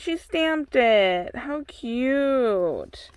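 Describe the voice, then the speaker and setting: A woman's voice: mid-range voice, very animated, slow pace, a little hiss or hum. A woman hosting a craft channel, opening a swap package and gushing over every piece with constant exclamations. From United States. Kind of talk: excited unboxing chat.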